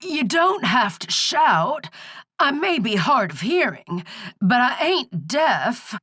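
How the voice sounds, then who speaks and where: A croaking, high old crone, cantankerous and folksy, with a strained quality. She is hard of hearing and speaks in a lively, swooping sing-song. The voice sits far above the narrator's own. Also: slow, no room sound, studio quality, heavily acted. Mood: cranky. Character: hard-of-hearing old country woman, prank caller.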